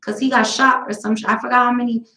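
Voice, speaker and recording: New woman in her 30s ranting and cursing on her live show, kinda high voice, echoey room. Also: little pitch movement, quick pace, sharp tone. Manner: blunt, profane, rambling storytelling. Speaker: host of a live talk stream. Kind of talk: casual chat.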